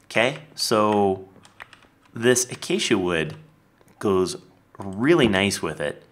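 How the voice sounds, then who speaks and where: A Minecraft let's player talks casually through his build at a slow, unhurried pace, his pitch constantly rising and falling. He's chatty and lively as he works, with keyboard clicks audible in the background.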